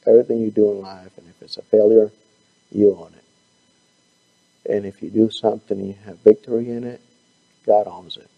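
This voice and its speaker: A man leading a Bible class and closing it with a prayer. He is losing his voice and talks in a halting way, often stumbling over his words. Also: on the low side, flat delivery, gravelly, phone-quality sound.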